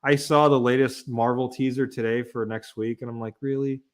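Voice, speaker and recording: An excitable man hosting a casual podcast, laughing often as he talks and swearing freely. His voice sits in an ordinary middle pitch. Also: brisk. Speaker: podcast host.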